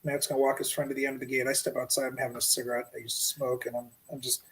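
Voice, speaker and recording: A middle-aged man telling a paranormal story as a podcast guest, lively and animated, acting out his own shouts. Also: mid-range voice, very fast, poor audio.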